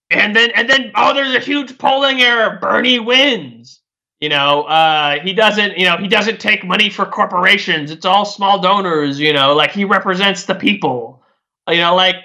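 A man's voice: sits high, bright, forceful tone. A man talking politics in a loose, rambling way, full of "like" and "uh", often restarting his sentences. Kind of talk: casual political chat.

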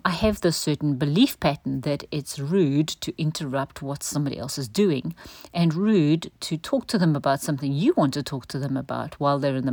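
A woman tells a candid personal story in a low voice. She often checks in with a quick "right?". The sound is dry and close, with no room. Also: a little mellow, dry recording. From South Africa. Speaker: church member sharing a testimony. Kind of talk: personal testimony talk.

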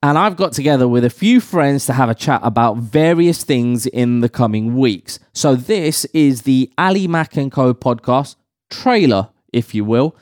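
A man's voice: medium pitch, expressive, unhurried, a little mellow, no room sound. A man hosting a podcast from a small home studio, chatting and teasing his friends. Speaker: podcast host. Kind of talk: casual chat.

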